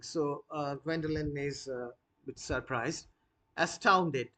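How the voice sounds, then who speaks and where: A man explaining a play to students, pausing often with fillers as he explains. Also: fairly high pitch, sharp tone. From India. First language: Bengali. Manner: hesitant, many uh fillers, unhurried explaining. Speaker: literature lecturer.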